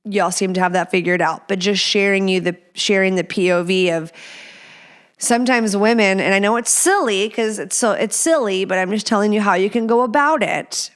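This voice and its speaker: Woman host, chatty and profane, smooth clear tone, casual advice delivery. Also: mid-range voice, moderate pace. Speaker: podcast host.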